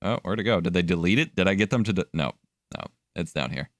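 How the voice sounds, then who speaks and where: A man's voice: deep voice, lively intonation, fast, no room sound. A young man chatting casually while editing on a live stream, thinking aloud and swearing now and then. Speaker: livestreamer editing video.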